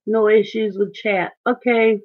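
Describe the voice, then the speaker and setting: A woman's voice: medium pitch, steady tone, unhurried, muffled recording. A woman hosting a live stream while she colors, chatting casually with viewers and reading out their comments. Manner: chatty, reads out and answers viewer chat. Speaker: coloring channel host.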